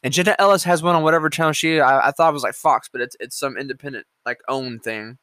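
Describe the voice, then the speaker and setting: A man's voice: fairly high pitch, fast talker, sharp tone, clear, resonant tone, dry recording. A man hosting a podcast, ranting casually about politics, sarcastic and profane, drifting off into hummed filler between stories. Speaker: podcast host.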